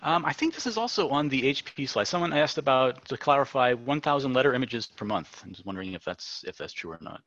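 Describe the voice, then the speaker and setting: A man's voice: mid-range voice, expressive, fast talker, hardly any pauses, fairly bright tone, slight background noise. A man moderating a webinar, casually reading out audience questions. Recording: dull lo-fi webinar audio.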